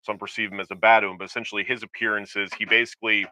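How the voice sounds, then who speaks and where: A man's voice: on the low side, level tone, rapid-fire, bright, forceful tone, no echo, poor audio. A man co-hosting a casual chat show, rambling and hesitant with lots of fillers and restarts. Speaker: podcast co-host.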